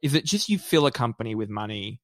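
A man's voice: mid-range voice, big pitch swings, fast, no room sound. A man co-hosting a podcast in a casual, easygoing way, making dry quips and rambling asides. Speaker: podcast co-host. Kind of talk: casual chat.

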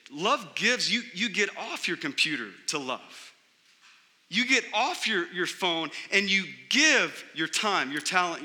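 A man pastor preaching a sermon, building his points through emphatic repetition and pauses. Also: high voice, sharp tone. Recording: long hall reverb.

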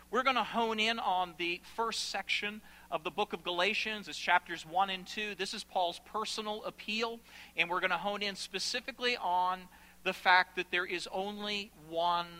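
Bright-voiced middle-aged male pastor preaching. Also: high voice, low-quality recording. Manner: earnest, building to passionate emphasis. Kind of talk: sermon. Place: church auditorium.

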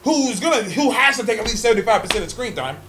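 A man co-hosting a casual chat, talking in an animated, profane, opinionated way and laughing often. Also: very high-pitched, fast, noisy background.

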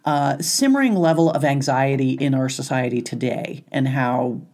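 A woman's voice: a bass voice, normal speed. A middle-aged woman co-hosting a casual chat, telling stories with energy and acting out the people she quotes. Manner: animated storyteller, acts out quoted voices. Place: recording studio.

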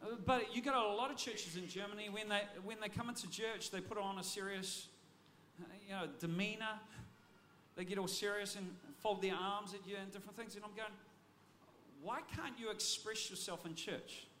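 High voiced pastor guy preaching, energetic, keeps repeating words as he restarts. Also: fairly quick, a little hiss or hum. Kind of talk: sermon.

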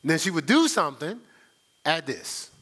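A man's voice: on the high side, sing-song, moderate pace, fairly bright tone, breathy edge. A middle-aged man preaching a sermon as pastor, conversational and teasing his congregation.

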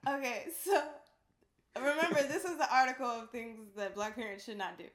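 A woman's voice: on the high side, normal speed, very noisy. A woman co-hosting a podcast in casual chat, frank and emphatic, laughing often. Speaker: podcast co-host.

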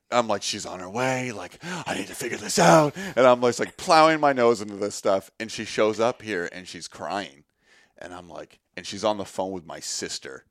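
A workshop guest in his thirties swears frequently as he candidly and animatedly tells his story, acting out what people said. His lowish voice is recorded with clean studio sound and no room sound.

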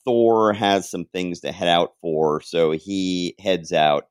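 Podcast co-host, man, very low voice, dry close sound, lively recapping of comics. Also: takes it slowly, clean tone, dry recording. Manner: animated recapping, briefly acting out characters' lines. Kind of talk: casual comic-book recap.

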